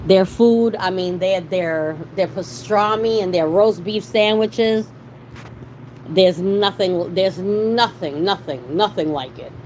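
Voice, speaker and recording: A woman with a Boston accent talks to her livestream chat in a loose, rambling way, circling back and restarting her sentences. Her voice sits at a middle pitch, with a faint hiss of noise in the background. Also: slow, rough recording. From Boston, Massachusetts. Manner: rambling, animated storytelling with frequent restarts. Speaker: livestream host.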